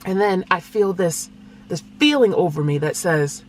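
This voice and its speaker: A woman vlogger and single mother, telling a family story in a casual, animated way and sometimes acting out voices. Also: fairly low pitch, moderate pace, a little hiss or hum. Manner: animated, acts out voices, laughs through the telling.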